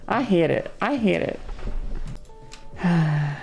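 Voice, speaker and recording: Gravelly, slow-talking woman streamer venting. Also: on the low side, lively intonation, faint music behind. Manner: exasperated, swearing, venting loudly. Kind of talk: casual live-stream chat.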